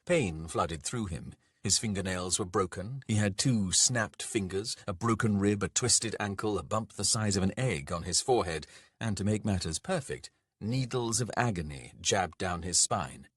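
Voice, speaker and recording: A man narrating a dark fantasy audiobook in a measured, dramatic way. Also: on the low side, expressive, husky, dry recording, studio quality.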